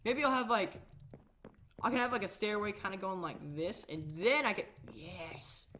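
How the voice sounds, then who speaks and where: A woman's voice: medium pitch, expressive, moderate pace, fairly bright tone. Chatty woman rambling over her gameplay. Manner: chatty, rambling, self-mocking. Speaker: Minecraft let's-play host. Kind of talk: casual gameplay commentary.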